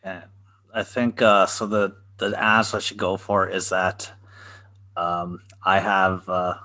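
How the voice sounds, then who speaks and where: A man's voice: deep voice, level tone, measured pace, sharp tone. A man co-hosting a podcast in casual chat, laid-back, swearing freely and laughing at his own jokes. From Canada. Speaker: podcast co-host.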